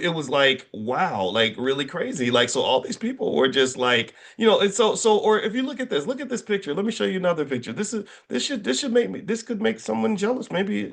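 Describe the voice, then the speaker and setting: Animated middle-aged man, lively pitch. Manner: animated, joking storyteller with many restarts. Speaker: finance educator and speaker. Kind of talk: casual talk to an audience.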